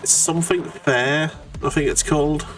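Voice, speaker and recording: A man's voice: on the high side, steady tone, moderate pace, a bit bright. Rambling man, distant mic. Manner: rambling, chatty storyteller. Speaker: guest painter on a hobby stream. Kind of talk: casual chat. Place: home hobby setup on a live stream. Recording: distant mic with faint guitar music.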